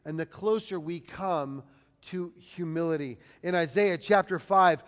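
A man delivers a sermon in a high, light voice, moving from quiet reflection to loud, declaiming scripture readings. He acts out the people he quotes as he goes. His voice carries a long reverb, as if in a large hall. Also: unhurried, clean tone. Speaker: preacher.

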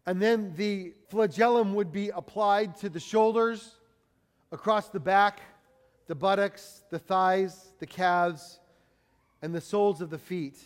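A man preaching a sermon, dramatic, rising for emphasis and dropping low and quiet. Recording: long hall reverb.

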